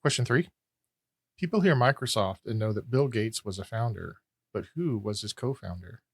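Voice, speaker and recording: A man running a casual podcast trivia game with a low, gravelly voice. He reads questions and scores in a dry, wry manner and rambles a little when he explains things. The recording is close and dry. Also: lively intonation, normal speed, dry recording. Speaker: quizmaster host.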